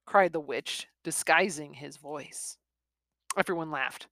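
A woman reading a story aloud in a soft, expressive voice that often drops into a whisper. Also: low voice, slow pace, dry recording. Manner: soft, partly whispered delivery.

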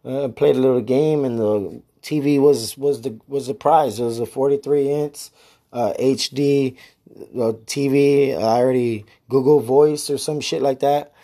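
A man chatting alone on his podcast in an easygoing, meandering way. His talk is loose and slangy, with casual swearing. His voice sits at an ordinary middle pitch. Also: steady tone, unhurried, mellow. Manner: laid-back, slangy and profane, rambling. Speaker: podcast host. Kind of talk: casual solo podcast chat.

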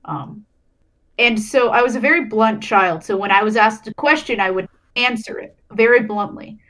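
A woman's voice: a little high, animated, moderate pace, fairly bright tone. A young woman in casual podcast chat, telling a story hesitantly with many ums.

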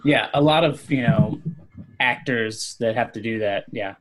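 Regular-pitched guy keeping the chat going, kinda dry humor. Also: unhurried, fairly bright tone, rough recording. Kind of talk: casual chat.

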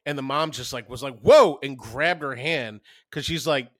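A man co-hosting a podcast in casual chat, excitable and swearing constantly. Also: mid-range voice, normal speed, no echo, studio quality. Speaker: podcast co-host.

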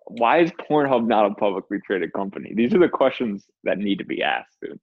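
Podcast co-host, male, husky and lively delivery, joking and laid-back, dull lo-fi sound. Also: on the low side, a little fast, no room sound. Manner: laid-back, joking, says "dude" often. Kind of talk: casual chat.

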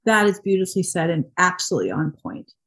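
A middle-aged woman speaking as an interview guest, telling stories in a lively, animated way with sudden jumps in pitch. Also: fast. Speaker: guest, actress. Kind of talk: candid conversational interview.

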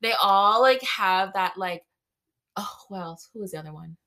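A woman's voice: medium pitch, expressive, normal speed, sharp tone. A young woman from Massachusetts co-hosting a podcast, playful and joking in casual talk. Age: 20s. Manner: playful and joking, laughs often. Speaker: podcast co-host. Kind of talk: casual chat.

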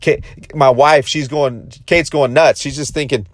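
A man in his thirties telling a story to his viewers, intense and excitable, often repeating and restarting his phrases. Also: mid-range voice, unhurried, no echo, clean studio sound. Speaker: motivational vlogger.

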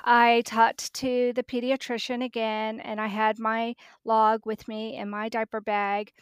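Middle-aged woman, podcast guest, lively storyteller who plays out conversations, slightly high voice. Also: a little slow, clean tone, dry recording, studio quality. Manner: vivid storytelling, acting out dialogue.

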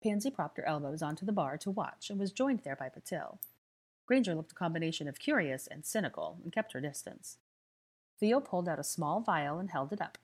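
A woman reading a story aloud as narrator, calm and even. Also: lowish voice, a little fast. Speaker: audiobook reader. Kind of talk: scripted narration.

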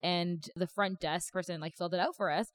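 Fast-talking young Canadian woman, casual. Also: on the low side, steady tone, no echo, clean studio sound. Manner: laughing, swearing, heavy use of "like". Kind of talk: casual chat.

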